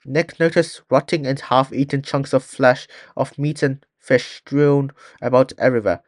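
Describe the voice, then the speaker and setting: A man's voice: mid-range voice, fairly even intonation, normal speed, dry recording, studio quality. A man reading a fan-written story aloud in a plain way, often restarting words. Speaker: story reader.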